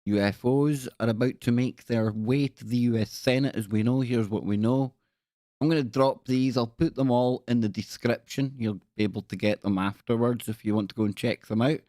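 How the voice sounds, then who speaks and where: A man's voice: medium pitch, fairly even intonation, normal speed, dark tone, dry recording, studio quality. A man hosting a casual live stream, chatty and jokey, greeting viewers by name.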